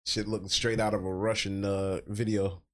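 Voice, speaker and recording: Low-voiced, blunt male co-host. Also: flat delivery, normal speed. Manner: blunt, sardonic, profane. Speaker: podcast co-host. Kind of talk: casual chat.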